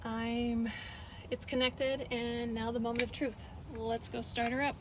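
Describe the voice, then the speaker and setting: High-pitched woman doing a diy vlog in her truck, chatty, talks right to you guys, bit of faint noise. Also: level tone, a little slow. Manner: chatty, emotional, talks straight to viewers. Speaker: DIY vlogger. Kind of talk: casual how-to vlog. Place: working in her pickup truck.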